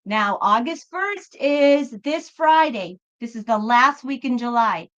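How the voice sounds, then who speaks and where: A woman talks casually to livestream viewers about her tarot readings, calling them folks and reassuring them. Her voice is high and bright. The lo-fi stream audio sounds a little dull. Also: lively intonation, slow. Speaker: tarot reader and livestream host.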